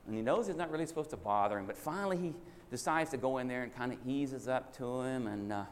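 A preacher tells his sermon as a homespun story, performing both a child's and a father's voice. He speaks fast with lively intonation at a medium pitch, recorded in an echoey hall carrying a faint hiss.

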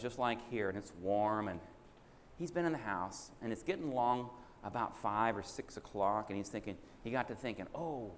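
A man preaching a sermon as a folksy story. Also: mid-range voice. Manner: folksy, acts out child and father voices in a story. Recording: echoey hall with faint hiss.

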